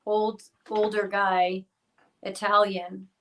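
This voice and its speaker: A woman doing a remote-viewing reading, speaking hesitantly and pausing to search for words. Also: medium pitch, level tone, rough recording. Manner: hesitant and searching, pauses with fillers. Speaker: remote viewer. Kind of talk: psychic reading over a live stream.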